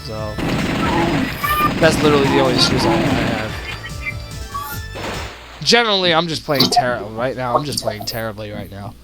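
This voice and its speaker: A man streaming gameplay, talking casually through the game and shouting at it when it goes wrong. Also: mid-range voice, moderate pace, pauses often. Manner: excitable, groans and shouts at the game. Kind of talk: live gameplay commentary. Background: loud game music.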